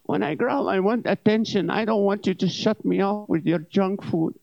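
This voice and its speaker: Comic bit: a needy, whiny male stomach guilt-tripping its owner, pitched higher, put on by a male preacher, dull dry sound. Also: moderate pace, vocal fry, no room sound. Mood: nagging. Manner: nagging, wounded, guilt-tripping.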